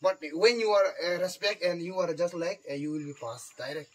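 A man playing a teacher, talking in halting broken English mixed with Hindi and repeating his words. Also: sits high, slight background noise. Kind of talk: improvised comedy skit.

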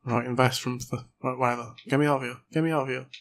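A hoarse man giving excitable, chatty let's play commentary and swearing often. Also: medium pitch, fast talker. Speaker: gaming channel host. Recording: noisy home recording.

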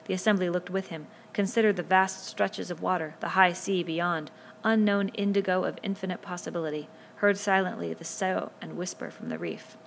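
A woman narrating a novel aloud in a steady, measured reading voice. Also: lowish voice, vocal fry, slight background noise. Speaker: audiobook reader.

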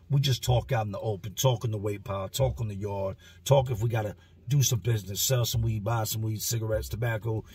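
A man's voice: lowish voice, a little mellow, breathy edge. A man telling a story from his own past in a blunt, slangy, profane way. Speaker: vlogger.

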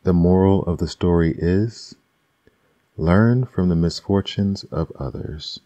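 Deep-voiced man reading ASMR bedtime fables, slow, dark tone. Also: no echo, highs cut off. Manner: soft, unhurried reading. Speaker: storyteller.

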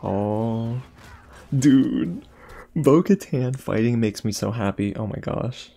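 A young man hosting a casual reaction video, talking excitedly to his viewers with lots of exclamations. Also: on the low side, unhurried. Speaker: YouTube reaction host.

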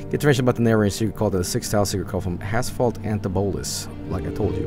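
A man's voice: on the low side, fast talker. A tired man streaming a game, rambling casually and reading game text aloud. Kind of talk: casual gameplay commentary. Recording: game music underneath.

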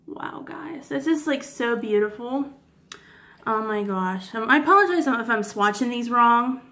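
A woman beauty vlogger swatching makeup for her viewers, gushing and giddy, often apologizing for her technique and dropping into soft whispers. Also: a little high, expressive, a little slow. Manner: gushing, giddy, keeps addressing viewers as guys. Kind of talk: casual makeup swatch review.

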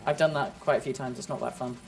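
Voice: medium pitch, fairly even intonation, fast talker, gravelly. A gamer chatting casually during play with a friend, playful and teasing, often laughing. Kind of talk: casual gameplay chat.

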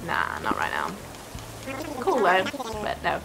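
A gaming YouTuber with a fairly low voice and vocal fry speaks slowly, her pitch swinging hugely. She gives casual, gushing, giggly commentary over her gameplay while game music plays behind her.

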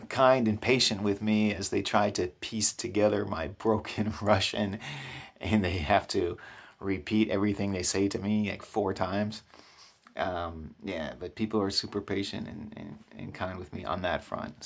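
A man's voice: lowish voice, steady tone, moderate pace. A man telling stories in a casual vlog, chatty and self-deprecating, often restarting his sentences. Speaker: vlogger. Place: new apartment.

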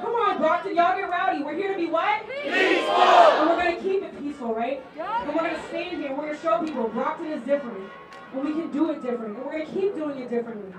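A woman's voice: very high voice, distant mic. A woman emceeing a rally, hyping the crowd with casual call-and-response. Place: outdoor rally at a school. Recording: echoey PA from afar, crowd noise. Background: cheering crowd.

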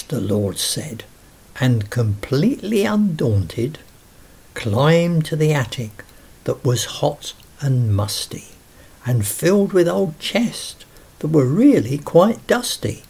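A man's voice: on the high side, very animated, slow pace, gravelly, a little mellow, husky. A man reading a rhyming children's story aloud in a sing-song way.

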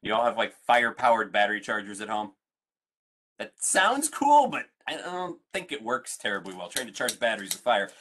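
A man's voice: on the low side, quick pace, few pauses, a bit bright. A man, a museum science educator, leading an online family science lesson, playful and full of questions for his audience.

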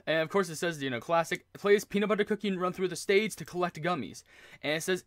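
Excitable high-voiced young man narrating gameplay. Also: racing, no room sound, clean studio sound. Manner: gushing, excitable, stumbling over words. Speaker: gaming channel host. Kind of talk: excited let's play commentary. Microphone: earphones with mic.

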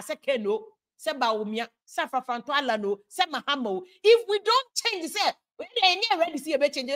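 A woman's voice: high-pitched, fairly bright tone. A woman with a Ghanaian accent giving a passionate, preachy political monologue, switching between Twi and English. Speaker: political commentator.

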